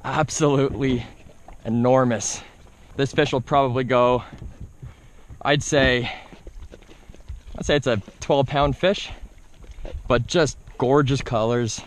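A man's voice: mid-range voice, fairly even intonation, slow, pauses often, a little hiss or hum. A young man filming himself as he fishes from a boat on a lake, talking through each catch and chatting to his dog. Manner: talks to his dog while fighting fish. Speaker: fishing vlogger. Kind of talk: excited outdoor fishing commentary. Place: fishing boat on a lake, outdoors.

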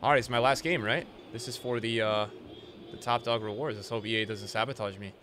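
A young adult man giving live commentary over his own video game matches, excitable, jumping from loud yelps to low muttering. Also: a little fast, slight background noise. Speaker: gaming video creator.

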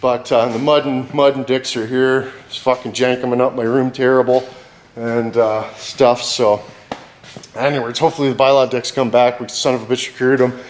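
A man's voice: mid-range voice, level tone, moderate pace. A young man with an ordinary mid-range voice rambles through a workshop job, cracking jokes and swearing constantly. A light hiss sits under his talk. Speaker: vlogger. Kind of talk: profane casual chat while working.

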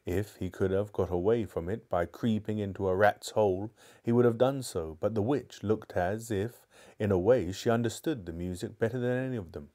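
A man hosting a book club, reading a storybook aloud live in a measured, steady way and chatting casually between chapters. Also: on the low side. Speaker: book club host and reader.

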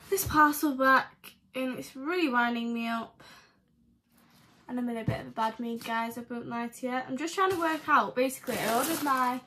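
A woman's voice: sits high, background noise. A teenage girl from the UK chatting casually to camera at home, telling a rambling story full of "like". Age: teens. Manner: rambling, filler-heavy storytelling with lots of "like". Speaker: vlogger.

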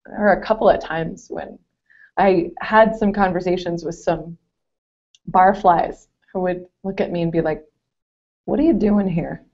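Speaking unhurriedly in a lowish voice with fairly even intonation, a woman in her forties recalls her days as a competitive swimmer during a casual interview. She laughs often and pokes fun at herself, and the call audio sounds dull and lo-fi.

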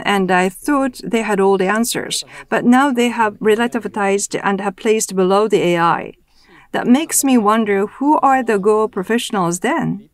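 This is a female interpreter voicing over a roundtable discussion in English. She speaks evenly and deliberately, now and then restarting, in a mid-range voice.

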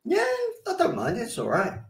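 A man's voice: sits high, wildly swooping pitch, normal speed, vocal fry, echoey room, recorded from a distance. A man from the UK chatting loosely and swearing through a beer tasting as co-host. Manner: laid-back, swearing, laughs easily. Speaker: podcast co-host. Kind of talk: casual beer-tasting chat.

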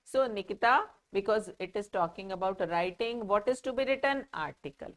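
A woman's voice: medium pitch, moderate pace. Female grammar teacher, Indian English accent, patient explainer for young students. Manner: explains patiently, asks the children questions and answers them herself. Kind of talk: classroom lesson.

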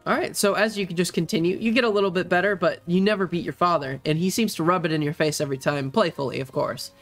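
A male game master narrates a tabletop role-play session in a fairly high voice. His delivery is relaxed and halting, with soft music playing under him. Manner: relaxed, hesitant narration with many fillers.

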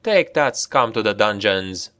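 A cruel, smug nobleman from a dark fantasy audiobook, played by the male narrator. He speaks coldly and imperiously, drawing out his words at a slow, unhurried pace. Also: fairly low pitch, lively intonation, smooth. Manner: cold, imperious, drawn-out.

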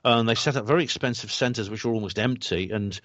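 A man's voice: medium pitch, fast, a bit bright, no echo. A man being interviewed as a guest, talking earnestly with many hesitations and restarts. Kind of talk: interview talk. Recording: dry dull lo-fi audio.

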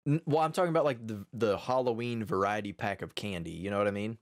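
A young man from Texas with a fairly low voice, co-hosting a casual podcast. He talks in loose slang and swears freely as he riffs with friends. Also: fast, no room sound, clean studio sound. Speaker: podcast co-host. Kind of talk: casual chat.

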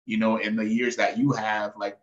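Middle-aged male guest, low flat voice, earnest and agreeable. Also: moderate pace, lo-fi sound. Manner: earnest, agreeable, many fillers. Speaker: guest, Navy SEAL. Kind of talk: casual conversation.

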